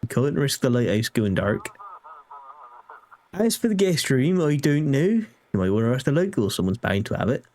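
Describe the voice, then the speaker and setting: A man's voice: medium pitch, very animated, normal speed, darkish tone. A brusque harbour chief, put on by a man, hands out orders over the radio in a game. He is dismissive and businesslike. The delivery is a read-aloud of game dialogue, only lightly disguised. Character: gruff male harbour chief giving orders.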